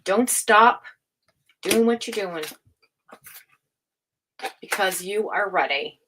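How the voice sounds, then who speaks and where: A woman giving a casual livestream tarot reading, excitable, swearing freely and laughing often. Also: medium pitch, slow, noisy background. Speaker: tarot reader.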